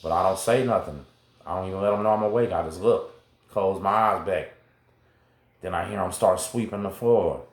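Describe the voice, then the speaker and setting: Laid-back man, low voice. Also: normal speed, roomy sound. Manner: laid-back, slangy, talks straight to viewers. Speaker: host. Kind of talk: casual first-person storytelling.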